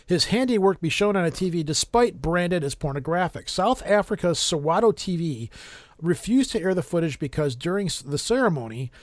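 A man with a fairly high voice hosts a paranormal podcast, reading strange articles aloud and tripping over words. He laughs at himself along the way, and the sound is close and dry. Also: animated, a little fast, no room sound. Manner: stumbling, self-mocking reading with laughs.

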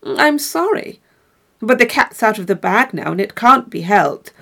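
A woman reading the part of a dapper gentleman who tells a ghost story, speaking calmly and gravely with a sly dryness. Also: medium pitch, measured pace, full character voice. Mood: polite, sly. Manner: calm, grave, slightly sly delivery. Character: dapper, composed man telling a ghost story.

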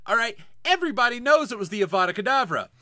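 Excitable, lively ranting man. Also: very high-pitched, fast. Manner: excitable, swearing, rants with lots of laughter. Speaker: podcast co-host. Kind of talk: casual comedic banter.

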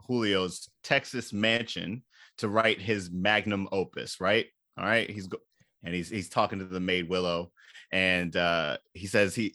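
A man casually recapping a movie for a comedy podcast, animated and laughing, with sudden high-pitched outbursts. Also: no echo, clean studio sound.

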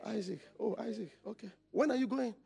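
A Nigerian man voicing a worried, protective older mother who talks in hushed, anxious tones. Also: high voice, a little fast, gravelly. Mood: curious.

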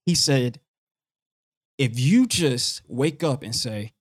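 A man's voice: mid-range voice, expressive, slow pace, pauses often, no echo, clean studio sound. A man as a podcast guest, telling a personal story in an earnest way, often restarting and acting out what his father said. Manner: earnest, repeats words and restarts, acts out his father's speech.

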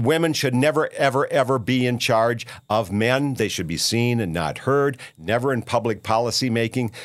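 A man from Minneapolis hosting his own podcast, ranting in a halting, rambling way full of filler sounds and restarts, with a scornful, combative edge. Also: on the high side, no echo, clean studio sound. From Minneapolis, USA. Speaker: podcast host. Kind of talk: solo rant monologue.

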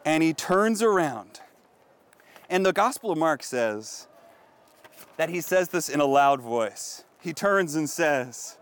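A middle-aged man preaches outdoors in a fairly high voice. He is earnest and thinks aloud, posing what-if questions to his listeners. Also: lively intonation, slow. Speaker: pastor. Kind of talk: outdoor sermon. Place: outdoors at a historic site.

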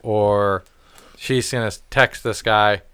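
A man's voice: lowish voice, steady tone, slow, fairly bright tone, clear, resonant tone, no room sound, clean studio sound. Profane, rambling storytelling man. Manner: profane, rambling, acts out quoted voices. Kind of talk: casual storytelling chat.

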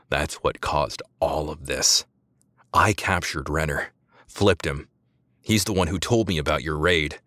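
A man's voice: sits low, a bit bright, dry recording. A man voicing a smug, obsessive male spymaster villain who taunts and turns manic, in an audiobook.

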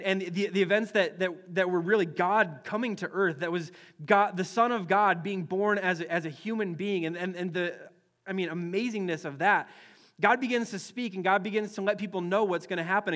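This high-pitched pastor delivers an animated sermon, acting out scenes in different voices. He frequently restarts and repeats his words.

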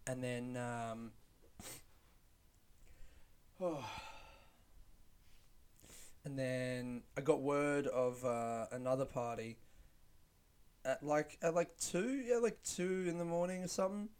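A young man talks alone into his podcast mic in a loose, rambling way, swearing freely and breaking into laughter at his own jokes. His voice sits at an ordinary middle pitch. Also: fairly even intonation, measured pace, darkish tone, smooth. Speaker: podcast host. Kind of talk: casual solo podcast monologue.

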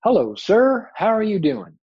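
A man voicing a cocky, quick-tempered little male rabbit in a storybook retelling, speaking in an indignant, pushy way. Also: sits high, big pitch swings, husky, no echo, voice pushed up, heavily acted. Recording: dull, slightly muffled recording.

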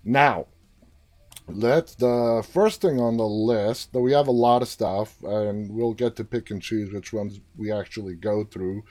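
A man's voice: fairly low pitch, measured pace, a little mellow. A man hosting a casual show, chatting through entertainment news in a loose, self-correcting way. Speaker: host.

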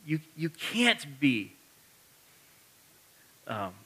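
A man's voice: a little high, big pitch swings, drawn-out words, pushed and bright, breathy edge. A man preaching a sermon as pastor, earnest and building to emphatic repetition, with casual self-correcting asides.

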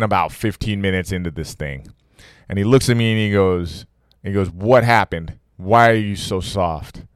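Energetic low-voiced man hosting a podcast. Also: clear, resonant tone, no echo, studio quality. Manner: energetic, conversational, direct coaching tone. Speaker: podcast host. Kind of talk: casual fitness advice monologue.

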